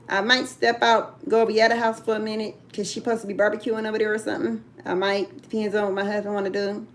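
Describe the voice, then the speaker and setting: A woman's voice: medium pitch, slight background noise. An older woman hosting a casual live chat from home, chatty and drawn out, laughing often. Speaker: livestream host.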